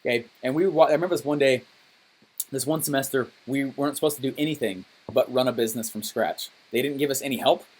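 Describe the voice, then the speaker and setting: A man coaching his course members on a call, telling stories with lively enthusiasm and often checking in with "okay?". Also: medium pitch, quick pace, slightly rough. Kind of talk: energetic coaching call with storytelling.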